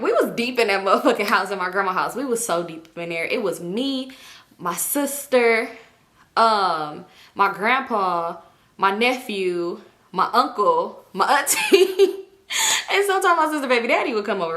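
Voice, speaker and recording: A woman, the vlogger of her channel, telling a story to her viewers in a casual, animated way, swearing freely and often breaking into laughter. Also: mid-range voice, moderate pace. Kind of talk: storytime vlog.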